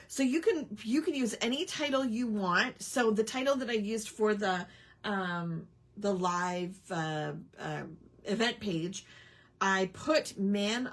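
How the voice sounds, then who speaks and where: A woman hosting a casual live crafting stream, rambling with lots of ums and chatting back to viewer comments. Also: medium pitch. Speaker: crafting livestream host.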